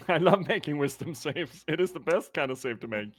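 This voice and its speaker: A man talking as a player at a tabletop game, rambling and halting with many restarts. His voice is a bit high and swings widely. It sounds close and dry, with faint music behind him. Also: expressive, no echo.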